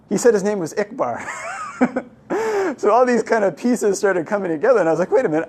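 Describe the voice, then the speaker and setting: A man's voice: high-pitched, darkish tone. A man, a Buddhist monk from Canada, tells a personal story in a casual Dhamma talk, full of "you know" fillers and acting out both sides of a conversation. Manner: chatty storytelling, many "you know" fillers, acts out dialogue.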